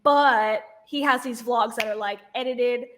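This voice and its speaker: A woman's voice: a little high, steady tone, a little slow, fairly bright tone, slight background noise. A woman hosting a commentary chat, laying out skeptical arguments point by point. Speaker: host.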